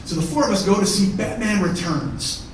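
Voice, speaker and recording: A man doing stand-up comedy, telling a profane story and shouting out the heated parts. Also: high-pitched, expressive, brisk, slight background noise. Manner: profane, escalates to shouting in acted-out arguments. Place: theatre stage before a live audience. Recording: echoey theatre, mic at a distance.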